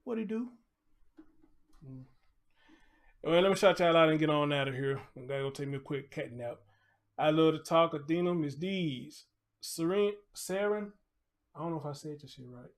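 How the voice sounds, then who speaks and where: A man, his voice pitched a bit high, talks casually on a livestream. He is blunt and laid-back, full of slang, and stops often to greet viewers by name. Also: normal speed. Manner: blunt, laid-back, slangy, reads chat names aloud. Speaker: YouTube livestream host.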